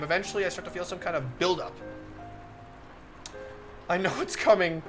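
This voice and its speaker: A man's voice: high-pitched, unhurried, gravelly, long pauses, music in the background. A man on a live stream reading a visual novel aloud, getting flustered, laughing often and breaking off to comment to his chat.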